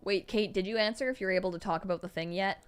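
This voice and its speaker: A young adult woman hosting a livestream, reading chat aloud and reacting with gushing excitement. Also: mid-range voice, fast, smooth, faint music behind. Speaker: livestream host. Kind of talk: live-stream chat reading.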